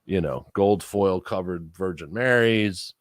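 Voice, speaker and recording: A man's voice: sits low, unhurried, no room sound, clean studio sound. A man telling a long story in casual chat as a podcast co-host, swearing freely and acting out the other people's lines. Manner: profane, animated storyteller acting out quotes.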